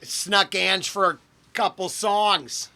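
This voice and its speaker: A man's voice: high-pitched, takes it slowly, sharp tone. A man hosting a reaction channel, chatting casually and rambling with fillers and restarts. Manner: rambling, with fillers and self-corrections.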